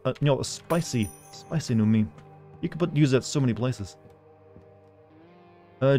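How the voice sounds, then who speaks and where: A man's voice: medium pitch, a little mellow, clear, resonant tone. Rambling, chatty male game streamer. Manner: rambling, chatty, reads in-game notes aloud. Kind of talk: casual game-stream chat.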